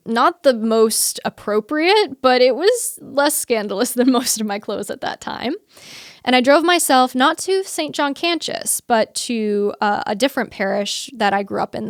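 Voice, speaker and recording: Speaking as an interview guest, a young woman tells a personal story earnestly and chattily, often quoting her own thoughts and laughing. Her medium-pitched voice is studio quality with no room sound.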